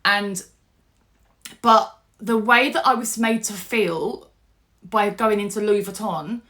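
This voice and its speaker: A woman's voice: mid-range voice, takes it slowly. Chatty woman telling a story. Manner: animated, chatty, with fillers and restarts. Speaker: vlogger. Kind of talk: casual storytelling to camera.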